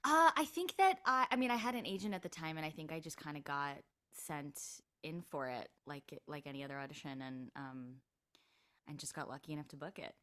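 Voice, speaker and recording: A young adult actress chatting casually as an interview guest, with plenty of "like" fillers. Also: female voice, low-pitched, animated, a little fast, a bit bright.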